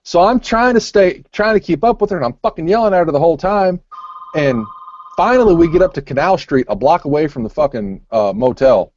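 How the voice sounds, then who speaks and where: A man's voice: fairly high pitch, expressive, a little fast, a little mellow, no room sound. A man rambling through a long, crude story in casual chat, swearing constantly. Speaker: podcast co-host. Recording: muffled lo-fi recording.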